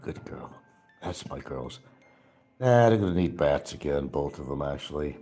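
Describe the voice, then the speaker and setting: A man's voice: a bass voice, animated, normal speed, warm tone, soft background music. A man talking casually and wryly on a home livestream, drifting into sing-song bits and baby talk to his dogs. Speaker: livestream vlogger.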